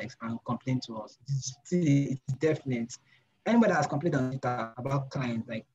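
A man's voice: mid-range voice, darkish tone. A young man mentoring designers in an informal live session, emphatic and repetitive, firing off rhetorical questions. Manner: emphatic, repeats phrases, fires rhetorical questions. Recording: slightly dull lo-fi recording.

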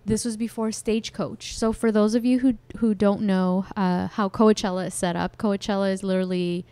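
A woman's voice: medium pitch, fairly even intonation, normal speed, warm tone, smooth, no echo. A woman hosting a podcast, chatting casually and recalling past concerts with a self-teasing manner. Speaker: podcast host. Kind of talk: casual chat.

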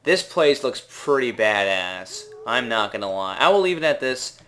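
A man's voice: mid-range voice, sing-song, sharp tone. Young Canadian guy, mid-range voice, casual self-mocking game commentary, words drag on. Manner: rambling, unsure, drawn-out words, laughs at himself. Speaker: gaming video maker.

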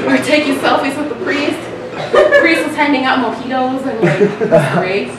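A woman's voice: high voice, very animated, measured pace. A young woman performing a chatty, self-mocking stand-up comedy set, laughing at her own jokes in front of a small live audience. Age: young adult. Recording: echoey, distant, noisy live room recording.

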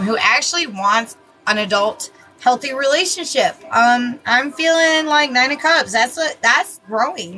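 A woman's voice: on the high side, pushed and bright, poor audio. A woman giving casual live tarot readings, talking bluntly and chattily, swearing freely and laughing at herself. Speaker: tarot reader.

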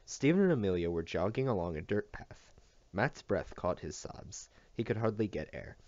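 A man reading a novel aloud as scripted narration, in an expressive storytelling manner. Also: on the low side, normal speed, no room sound. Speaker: audiobook reader. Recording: dull dry recording.

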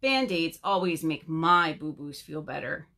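A woman voicing a clever, self-assured male fox who speaks in a lower, knowing tone. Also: lively intonation, unhurried, pushed and bright, full character voice.

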